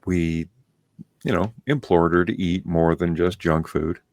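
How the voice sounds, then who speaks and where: A man's voice: sits low, unhurried, no echo. A man, hosting a podcast and telling a story in casual chat, blunt and full of swearing. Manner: blunt and profane, animated storyteller. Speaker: podcast host.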